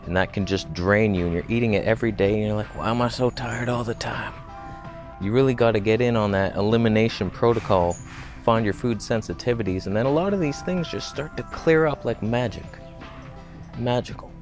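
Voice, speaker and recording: A man's voice: lowish voice, a little fast, a little mellow, faint music behind. Joking man vlogging outdoors. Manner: joking, self-mocking asides. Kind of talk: casual talk to camera. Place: outdoors, walking by a road.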